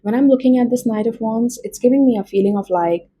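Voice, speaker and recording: Mellow-voiced woman with an Indian accent. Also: fairly high pitch, quick pace, dull audio, a little hiss or hum. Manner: chatty, rambling with many fillers and laughs. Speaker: tarot reader. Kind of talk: casual tarot reading.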